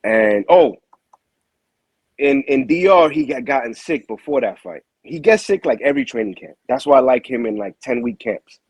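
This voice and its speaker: A boxing manager tells his story in loose, slangy talk and keeps restarting his sentences. His voice is husky. The sound is close and dry. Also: mid-range voice, moderate pace, no echo, low-quality recording. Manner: animated storyteller, heavy slang, frequent restarts. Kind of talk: casual interview storytelling.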